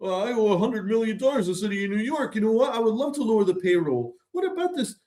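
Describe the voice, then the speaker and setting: A man's voice: high-pitched, sing-song, fast talker, dark tone, reverberant, pitched above the performer's own voice. A man mocking a whiny rich team owner. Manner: mocking, self-pitying. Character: whiny wealthy middle-aged male team owner.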